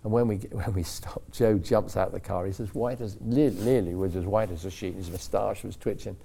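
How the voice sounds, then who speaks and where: Speaking a little fast in a deep, husky, creaky voice with a dark, steady tone, an older racing driver guests on a club talk show. His anecdotes run long and wander, full of self-corrections and acted-out voices of the people he quotes.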